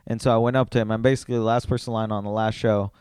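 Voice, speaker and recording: A man, a comedian, telling an animated story in casual chat and leaning hard on "like". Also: on the low side, racing, clear, resonant tone, no room sound. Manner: animated storyteller, heavy use of "like".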